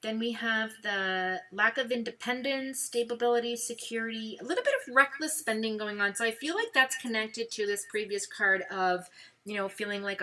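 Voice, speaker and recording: Brooklyn lady doing a live tarot reading, kinda high voice, super chatty, lots of likes and you knows. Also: brisk. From New York. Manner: chatty, animated, lots of fillers. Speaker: tarot reader.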